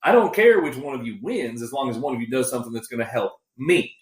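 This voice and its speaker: Texan male podcast co-host, fired-up profane rant, mid-pitch voice, roomy echo. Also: fast talker. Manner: animated, profane, many restarts. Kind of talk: casual political rant.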